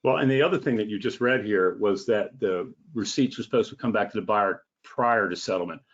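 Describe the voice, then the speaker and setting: A man's voice: lowish voice, brisk. Blunt, sarcastic male home inspector. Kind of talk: casual podcast conversation. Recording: slightly dull lo-fi audio.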